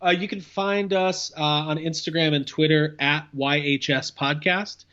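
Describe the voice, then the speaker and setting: Guy on a call, kinda high voice, dull muffled audio, rambly and playful. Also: steady tone, unhurried, pushed and bright. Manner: rambling, playful, many fillers. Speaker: podcast guest, cousin of host. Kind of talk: casual comedic chat.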